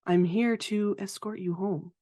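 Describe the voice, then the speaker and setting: A tabletop player voicing a gentle woman who coaxes and plays along with a little princess. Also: mid-range voice, fairly even intonation, unhurried, voice pushed up, close to an everyday voice. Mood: coaxing. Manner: gentle, coaxing.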